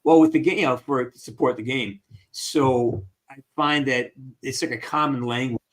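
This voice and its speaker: An upbeat man chatting with fans over a video call, his pitch sitting in a middling range. He talks in a casual, encouraging way, rambling on and circling back to his points. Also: normal speed. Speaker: actor hosting a fan Q&A. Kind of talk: casual live-stream chat.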